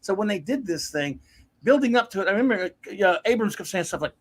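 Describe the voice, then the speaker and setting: A man's voice: high voice, expressive, fast talker. A man hosting a casual pop-culture chat, ranting animatedly and mocking other people's voices. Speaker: podcast host.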